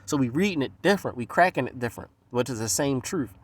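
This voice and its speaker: A man from the US East Coast giving a casual, profane, streetwise monologue, animated and jumping into other people's voices as he talks. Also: mid-range voice, fast talker.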